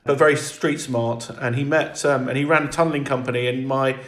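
A man speaking as an interview guest in reflective conversation, halting and restarting often. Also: medium pitch, steady tone, a bit bright, echoey room.

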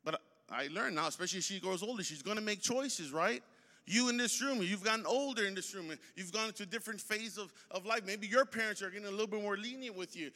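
Bright-voiced man preaching in a hall. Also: high voice, fast talker. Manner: preaching with rising emphasis and repetition. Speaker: pastor. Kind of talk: sermon.

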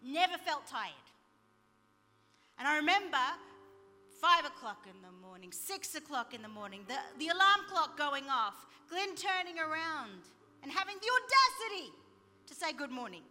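A middle-aged woman telling a personal story in a sermon, lively and full of quoted dialogue. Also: high voice, normal speed, long reverb tail, faint music behind. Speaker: speaker sharing testimony. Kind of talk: sermon-style personal testimony.

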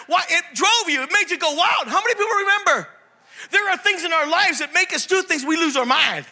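A man preaching in a church, his voice high and bright as he jokes and keeps quizzing the congregation. His delivery is animated and playful, quick to switch from banter to scripture. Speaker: pastor. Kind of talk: humorous sermon.

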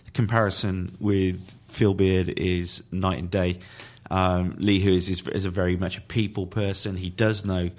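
A man's voice: low voice, flat delivery, a little mellow. A man on a football podcast, speaking carefully with lots of restarts and hesitations. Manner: halting, many restarts, careful. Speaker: podcast guest. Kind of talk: casual football podcast chat.

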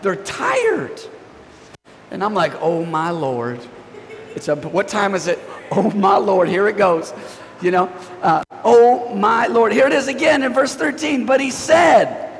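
A man in his thirties, a pastor preaching a sermon in a church, chatty and animated, talking to the congregation. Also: sits high, vocal fry, slight background noise. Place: church sanctuary. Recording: reverberant church hall.

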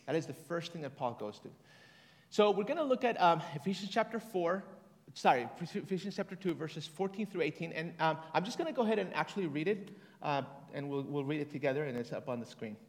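A man with a fairly high pitch and lively intonation preaches briskly to a congregation in a chatty, casual style. He reads scripture aloud and leads them in responses, and the recording carries the long reverb of a large hall.

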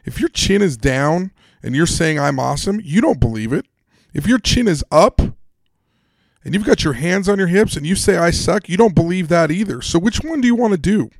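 Gravelly-voiced man hosting a motivational podcast. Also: high-pitched, lively intonation, normal speed, no room sound, clean studio sound. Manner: upbeat, addresses listeners directly with questions and instructions. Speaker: podcast host. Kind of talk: solo motivational podcast talk.

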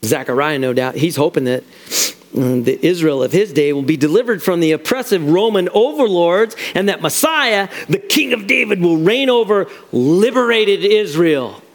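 A middle-aged male pastor with a notably high voice preaches a sermon in a relaxed, conversational way. He acts out the lines of the people he quotes, swinging between casual asides and emphatic points. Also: moderate pace, gravelly, big-room sound.

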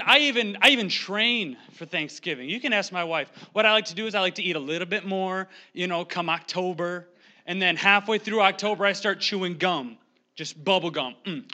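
A young man preaching a humorous sermon from a church pulpit, fast-talking, joking and animated, on a handheld microphone. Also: high-pitched. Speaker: guest preacher. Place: church sanctuary.

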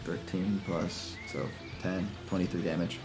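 A man's voice: deep voice, flat delivery, unhurried, over music. A man playing a tabletop game, muttering dice sums and laughing with friends. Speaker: player. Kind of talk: casual tabletop game chat.

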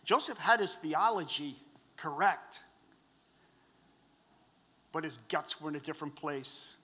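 A man preaching a sermon in a reflective, unhurried way. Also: on the high side, lively intonation, pushed and bright, breathy edge. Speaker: pastor. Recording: long hall reverb.

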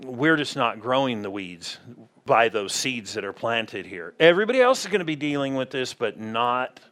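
A man's voice: mid-range voice, very animated, moderate pace, a bit bright. A man preaching a conversational sermon in a church, often asking the congregation questions. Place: church sanctuary.

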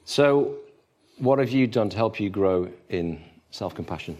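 A man leading an interview with friendly, inquisitive questions. His voice sits low. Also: expressive, a little slow, a little mellow. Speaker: host.

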